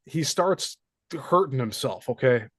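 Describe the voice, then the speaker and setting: A man hosting a live interview, talking casually with quick asides. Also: medium pitch, expressive, a bit bright, dry recording, studio quality. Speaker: host.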